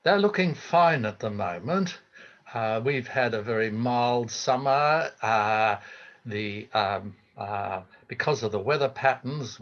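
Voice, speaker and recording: A man's voice: medium pitch, a bit bright. Older Australian man on a muffled call. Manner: measured, reflective, hesitant with fillers. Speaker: theologian guest. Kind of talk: interview over video call. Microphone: video call. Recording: dull lo-fi video call audio.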